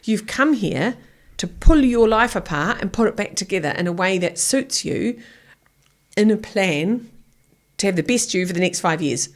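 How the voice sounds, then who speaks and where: A woman's voice: mid-range voice, expressive, moderate pace. A middle-aged woman guest speaking bluntly and energetically, acting out little quoted exchanges as she talks. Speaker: guest, author and keynote speaker. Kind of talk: casual interview chat.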